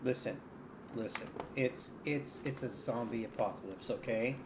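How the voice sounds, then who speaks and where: Speaking at a normal speed in a mid-range voice, this man casually talks with viewers while streaming a survival game, with background noise audible. He keeps up relaxed gameplay commentary that's wry, full of swearing, and frequently muttered.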